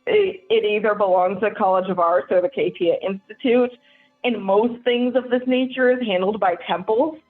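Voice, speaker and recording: A woman's voice: mid-range voice, normal speed, soft background music. A woman narrating as game master of a tabletop game, casual and giggly, with many fillers. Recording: tinny phone-like call audio.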